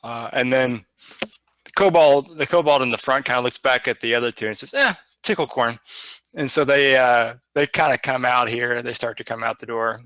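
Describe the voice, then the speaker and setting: A man narrating as dungeon master, describing scenes loosely and with many pauses and fillers. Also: mid-range voice, fairly even intonation, a bit bright, smooth, dry recording. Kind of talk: narrating a tabletop game.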